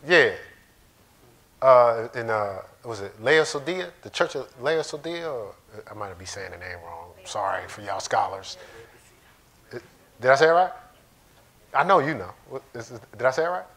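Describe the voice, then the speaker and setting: A man's voice: medium pitch, sing-song, moderate pace, pauses often, a bit bright. A man pastor giving a casual, conversational sermon in a church, joking and talking straight to the congregation. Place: church sanctuary.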